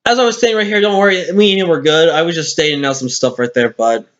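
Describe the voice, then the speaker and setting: A man's voice: fairly high pitch, quick pace, fairly bright tone. A tired man giving casual commentary over a game replay, rambling and correcting himself as he goes. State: tired, hiccuping. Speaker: gaming commentator. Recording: lo-fi screen-capture mic.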